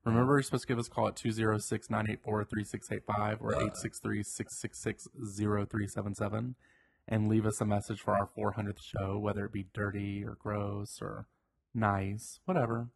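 Husky-voiced man telling a story. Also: lowish voice, brisk. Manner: animated storyteller, acts out quoted voices. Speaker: podcast co-host. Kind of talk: casual chat.

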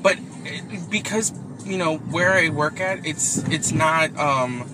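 Man, slightly high voice, casual chat, rambling, fillers, laughs a lot, inside a car, clear road noise. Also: takes it slowly. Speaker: podcast co-host.

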